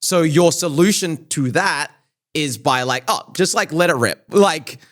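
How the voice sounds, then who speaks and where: A man's voice: fairly high pitch, measured pace, a bit bright. A man who is a YouTuber, talking as a podcast guest in a casual, thoughtful, rambling way with lots of fillers.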